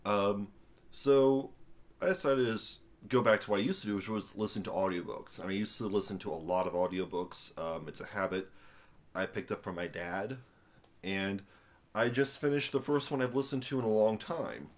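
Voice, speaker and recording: A man's voice: on the low side, moderate pace. A young American man, tired after a long day, rambling casually at home into a camera on a tripod, full of fillers and wry asides. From United States. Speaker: vlogger reviewing a book. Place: at home indoors.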